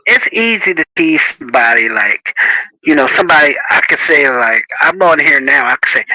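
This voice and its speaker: A man chatting casually as host, telling animated stories and laughing often. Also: fairly high pitch, moderate pace, no room sound, poor audio. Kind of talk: casual chat.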